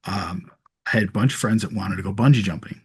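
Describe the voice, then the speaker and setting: A man's voice: fairly low pitch, fast talker, slightly rough. A man chatting casually as a podcast guest, telling stories with frequent restarts and laughs. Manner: storytelling with laughs and many restarts. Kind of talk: casual chat.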